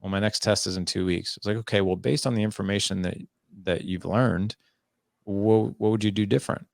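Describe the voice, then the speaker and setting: A man with a lowish, gravelly voice, speaking as a podcast guest about parenting. He tells stories with energy, slipping into quick acted-out dialogue with his teenage son. The sound is dry and close, with no room echo. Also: steady tone. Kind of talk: conversational interview storytelling.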